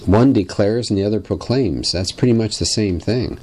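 A man's voice: lowish voice, normal speed, darkish tone. A man teaching a lesson on biblical poetry, asking wry rhetorical questions in a conversational way. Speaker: Bible teacher.

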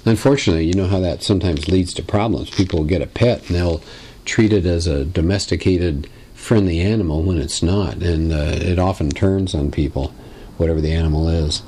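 A man's voice: sits low, fairly quick, mellow, slight background noise. A man teaching a lesson on biblical poetry, asking wry rhetorical questions in a conversational way. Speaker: Bible teacher.

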